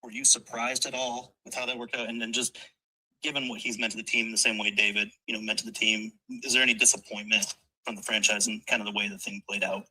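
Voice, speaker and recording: A male reporter asks a long, winding question at a press conference. His voice is husky and bright, fairly low, and stays flat in pitch. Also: fast, poor audio.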